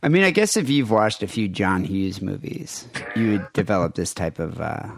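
Man co-host, lively up-and-down delivery, full of questions, dry close sound. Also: low-pitched, gravelly, dry recording. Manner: animated, quick reactions and questions. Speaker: podcast co-host. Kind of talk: casual comedy podcast chat.

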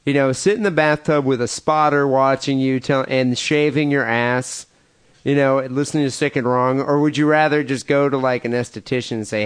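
A man's voice: mid-range voice, steady tone, normal speed, clean tone. Man, podcast co-host, rambling crude chat, filler-heavy, chuckles at himself. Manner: rambling, laughs at own jokes, many fillers.

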